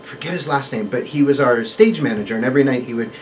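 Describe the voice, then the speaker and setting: In a relaxed chat, a man working as a guest actor spins a lengthy tale at a fast clip, animatedly performing each character's voice. He speaks in a mid-range voice over faint background noise.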